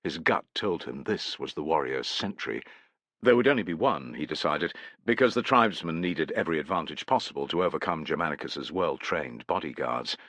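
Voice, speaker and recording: Deep-voiced male audiobook narrator. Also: expressive, normal speed, a bit bright, dry recording. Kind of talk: scripted narration.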